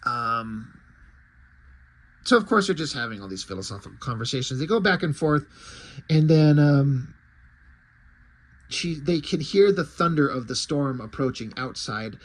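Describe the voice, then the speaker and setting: A man's voice: medium pitch, animated, a little slow, pauses often. A man reviewing comics in a casual, wry way, with fillers and mild swearing. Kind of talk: casual chat.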